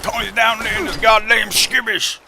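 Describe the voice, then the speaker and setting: A man imitating his toothless old southern boss, who mumbles and yells angrily over a radio. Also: sits high, flat delivery, moderate pace, vocal fry, over music, voice pushed up. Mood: angry. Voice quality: mumbling, hard to understand.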